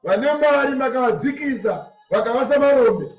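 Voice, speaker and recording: A man's voice: very high-pitched, lively intonation, fairly quick. A man from Zimbabwe preaching a fervent sermon, repeating and expanding each scripture verse in church. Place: church service. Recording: echoey, far-off, dull church recording.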